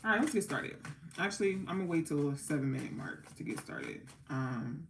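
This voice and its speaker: A woman's voice: low-pitched, sing-song, a little fast, vocal fry, background noise. A young woman hosting a tarot livestream, chatting casually and sounding sleepy and a little worn out. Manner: chatty, loose, sings along to music between remarks. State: sleepy and exhausted. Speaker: tarot reader and livestream host.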